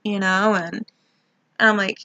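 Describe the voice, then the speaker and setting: A woman's voice: mid-range voice, steady tone, measured pace, pushed and bright, no room sound, dull audio. A young woman telling a frustrated, rambling story about her job, swearing a lot as she vents. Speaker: vlogger. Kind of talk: ranting personal story.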